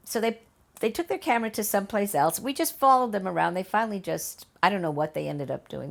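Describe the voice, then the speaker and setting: An older woman, recalling events in an oral history interview at her home, lively and acting out the voices she quotes. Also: low-pitched, vocal fry. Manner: animated, acts out quoted voices, many restarts. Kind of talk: conversational storytelling.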